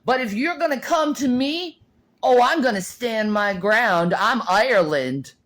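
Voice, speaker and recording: A woman's voice: on the high side, lively intonation, measured pace. A middle-aged woman ranting on a livestream, swearing and confrontational, often repeating words and restarting her sentences. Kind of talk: livestream rant.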